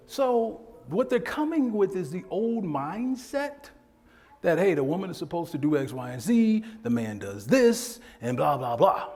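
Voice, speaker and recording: A man leads a workshop in a fairly high voice that swings up and down in pitch as he talks. He lectures in a loose, conversational way and laughs often. The sound carries a long hall reverb. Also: sing-song, measured pace, a little mellow. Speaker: workshop presenter. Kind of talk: lecture with storytelling. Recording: echoey hall.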